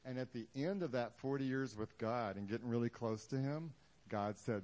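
A man preaching to a congregation in a loose, conversational way. His pitch sits in a middle range. He jokes as he goes and acts out the Bible scenes in little put-on voices. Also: normal speed, a little mellow. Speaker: pastor. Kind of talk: sermon.

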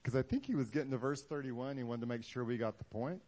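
A man's voice: medium pitch, quick pace, a little mellow, dull audio. Casual, joking preacher man. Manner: casual, joking preacher who acts out Bible scenes. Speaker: pastor. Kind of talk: sermon.

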